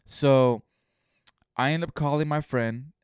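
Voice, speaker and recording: A man's voice: mid-range voice, fairly even intonation, slow, darkish tone, clean tone, dry recording, studio quality. Man rambling on a solo podcast. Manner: rambling storytelling, heavy swearing. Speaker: podcast host. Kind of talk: casual solo podcast monologue.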